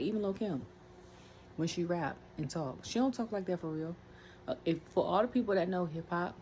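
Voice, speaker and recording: Brief: woman, low voice, rambling wrestling rant, faint room hiss. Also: a little mellow. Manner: rambling, chatty, many fillers and asides. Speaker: wrestling commentary vlogger. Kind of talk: casual rant.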